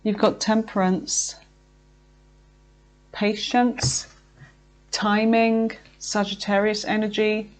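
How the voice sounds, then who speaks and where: A woman giving a casual tarot reading, chatty and filled with fillers, talking to herself as she pulls cards and sometimes slowing down to draw out her words. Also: mid-range voice, flat delivery, slight background noise. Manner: chatty, with frequent fillers and self-talk. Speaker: tarot reader.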